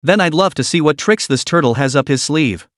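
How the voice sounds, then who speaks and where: A calm, confident young hero who speaks earnestly, with a trace of smugness, as a male narrator voices him. The read is dry and close, and the pitch moves in a lively way. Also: a little fast, dry recording, close to an everyday voice.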